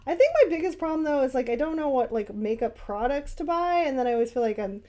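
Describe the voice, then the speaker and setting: Brief: a young woman hosting a relaxed paint-along, talkative and giggly, with a slightly high voice. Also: quick pace. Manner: chatty and rambling, with giggles and fillers. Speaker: painting vlogger and art teacher. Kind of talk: casual paint-along chat.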